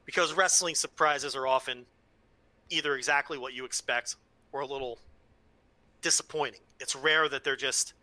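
A man's voice: medium pitch, steady tone, normal speed, pushed and bright, no echo. A man co-hosting a casual podcast, opinionated and talking with frequent restarts. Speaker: podcast co-host.

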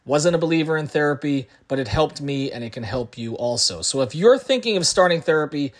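A man's voice: fairly high pitch, lively intonation, a little fast. A man reading a sponsor message on a podcast in an earnest, personal tone. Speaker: podcast host. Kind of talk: read sponsor ad.

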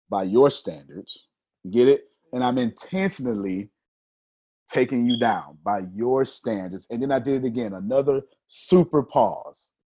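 A man, a professional speaker explaining his techniques to a group, talking deliberately with intentional pauses. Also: medium pitch, darkish tone.

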